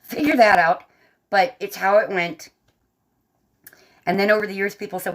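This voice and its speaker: A livestreaming artist with a faint Southern accent colors in bed and chats casually with viewers, laughing frequently as she answers messages. Her mid-range voice keeps a moderate pace and pauses often.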